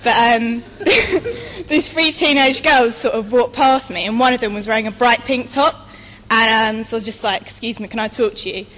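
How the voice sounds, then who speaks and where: A woman's voice: on the high side, normal speed, a bit bright, in a large hall. A woman sharing a testimony story, hesitant with many fillers. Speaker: church member sharing a story.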